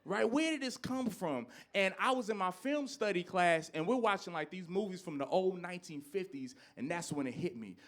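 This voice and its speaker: In his thirties, a man rants through a club stand-up set at normal speed with few pauses, staying animated as he shifts between loud outbursts and low asides.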